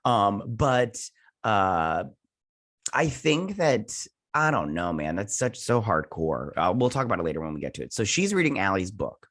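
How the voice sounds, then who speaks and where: A man's voice: fairly low pitch, big pitch swings, normal speed, fairly bright tone. A man giving a casual, rambling recap and review of a TV episode, with lots of false starts and fillers. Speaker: TV show reviewer.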